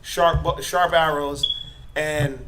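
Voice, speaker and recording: A middle-aged man teaching a Bible class, quizzing his students and tagging his points with "right?", building to forceful emphasis. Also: on the high side, steady tone, slow, noisy background. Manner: asks the class questions, tags lines with "right?".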